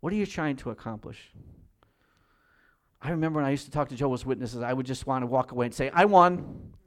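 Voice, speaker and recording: A man preaching a sermon as pastor in a church, swinging between loud pleading and hushed prayer. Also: medium pitch, quick pace.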